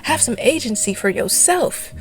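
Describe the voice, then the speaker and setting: A young adult woman giving a fast, exasperated ranting commentary for a video essay. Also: a little high, lively intonation, faint music behind.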